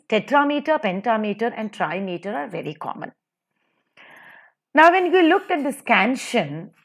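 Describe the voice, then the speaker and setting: Woman teacher with an Indian English accent, bouncy rising-and-falling lecture delivery. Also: fairly high pitch. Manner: sing-song stressed delivery, slow recitations of verse. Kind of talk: lecture over slides.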